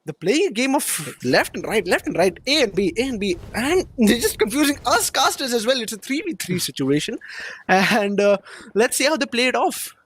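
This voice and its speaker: A man doing play-by-play commentary on an esports match, getting excited and loud on big plays. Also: high voice, moderate pace, breathy edge. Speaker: esports caster.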